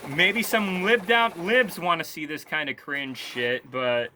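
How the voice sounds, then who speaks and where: A man's voice: fairly high pitch, unhurried, bright, forceful tone, slight background noise. A man ranting in a casual, profane video review, scornful and sarcastic. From Korea. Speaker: movie reviewer.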